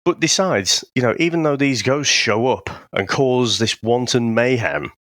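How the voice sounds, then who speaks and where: Animated English man chatting casually. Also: mid-range voice, measured pace, dry recording, studio quality. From England. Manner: swears freely and laughs often. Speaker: podcast co-host. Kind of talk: casual chat.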